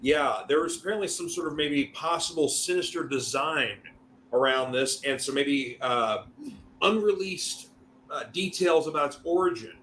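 A man co-hosting a podcast in casual chat, pausing often with "uh" as he talks. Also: a little high, animated, fairly bright tone, slight background noise. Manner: hesitant, many uh fillers. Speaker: podcast co-host.

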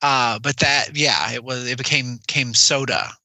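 A man's voice: mid-range voice, unhurried, bright, forceful tone, dry recording. A man from West Virginia, co-hosting a casual podcast chat and rambling with restarts. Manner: rambling, self-correcting. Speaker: podcast co-host.

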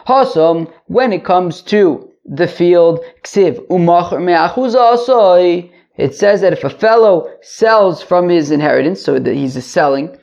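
A man's voice: sits high, expressive, a little slow, gravelly, darkish tone, lo-fi sound. A man giving a daily Talmud lesson, explaining step by step and repeating phrases with rhetorical questions. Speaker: Talmud teacher.

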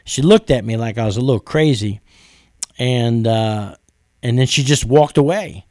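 A man from New York preaching, telling a personal testimony in an earnest, storytelling way with frequent pauses and fillers. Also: mid-range voice, darkish tone, dry recording, clean studio sound. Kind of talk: testimony sermon.

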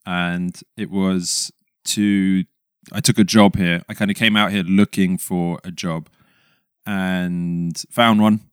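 Self-deprecating man, smooth low voice. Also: fairly even intonation, takes it slowly, dry recording, clean studio sound. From England. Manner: self-deprecating, laughs often. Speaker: podcast guest. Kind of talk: casual chat.

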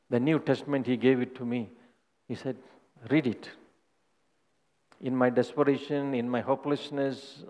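A man preaching a sermon in a long-echoing hall, his voice sitting at an ordinary middle pitch. He speaks earnestly and stacks repeated phrases one after another as he shares his own story. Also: a little mellow. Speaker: pastor.

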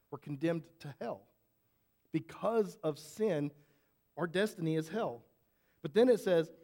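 A man's voice: sits high, darkish tone. A man preaching a conversational sermon as pastor, asking rhetorical questions and often restarting his sentences.

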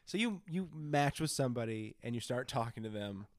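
A man co-hosting a podcast in casual chat, teasing his friend with quick reactions. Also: medium pitch, animated, no echo, studio quality. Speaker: podcast co-host.

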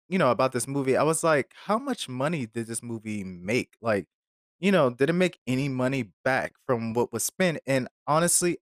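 A man's voice: medium pitch, dry recording, clean studio sound. A man hosting a podcast episode, talking casually and rambling with lots of fillers and wry asides. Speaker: podcast host reviewing a film. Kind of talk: casual chat.

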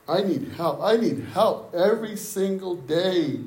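A man's voice: high voice, lively intonation, a little slow, a little mellow, echoey room. A man preaching an interactive sermon, repeating key words for emphasis and asking his group questions. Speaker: preacher leading a Bible study.

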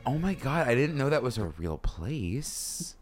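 A man co-hosting a podcast, talking in an animated, dramatic, joking way. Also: measured pace, faint music behind. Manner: animated and dramatic, jumps to higher pitch when excited. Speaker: podcast co-host. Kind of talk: casual comedic chat.

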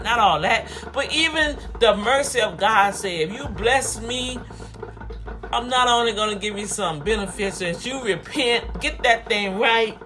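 A preacher delivering a fervent sermon, urging the congregation to respond and repeating phrases in bursts that swing between loud and soft. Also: medium pitch, unhurried, a little hiss or hum. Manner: fervent, repetitive call-and-response, big swings in loudness.

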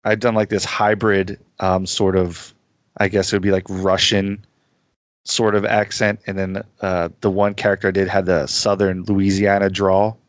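Easygoing low-voiced male podcast guest. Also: level tone, normal speed, no echo, studio quality. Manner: chatty and easygoing, laughs often at himself. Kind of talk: casual podcast chat.

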